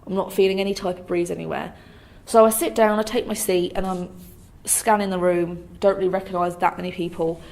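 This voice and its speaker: Young woman with a creaky voice. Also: fairly low pitch, brisk. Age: young adult. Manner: lively retelling, acting out what others said. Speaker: storyteller. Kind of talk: personal storytelling to camera.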